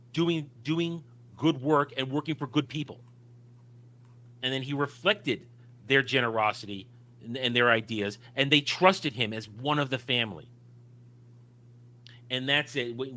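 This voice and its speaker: A man's voice: medium pitch, sharp tone. A man co-hosting a casual film discussion, talking emphatically and opinionatedly with frequent restarts. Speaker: podcast co-host.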